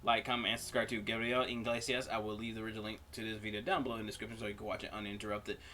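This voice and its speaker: A man hosting a reaction channel, wrapping up the video in a relaxed, rambling way with lots of fillers. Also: on the low side, rapid-fire, slight background noise. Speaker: YouTube reaction channel host. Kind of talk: casual video outro.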